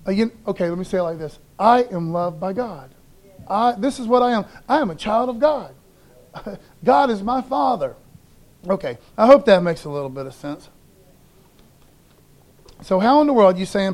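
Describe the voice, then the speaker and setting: A man's voice: high voice, expressive, moderate pace, long pauses, darkish tone. A man preaching a sermon as a pastor, in a casual, enthusiastic way with slangy asides.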